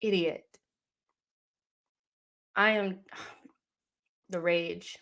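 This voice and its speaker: A young woman hosting a live football watchalong, reacting with exasperation and yelling at the referee and players. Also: medium pitch, expressive, unhurried.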